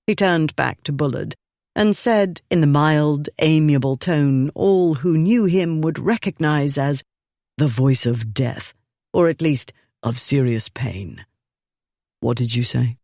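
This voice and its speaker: A narrator reading a historical romance novel in a measured storytelling manner. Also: medium pitch, creaky, a little mellow, dry recording, studio quality. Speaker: audiobook narrator.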